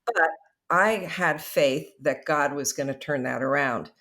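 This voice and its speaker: A woman's voice: sits low, measured pace, a bit bright. An older woman, a guest author, telling her faith story in an earnest, reflective way on a podcast interview.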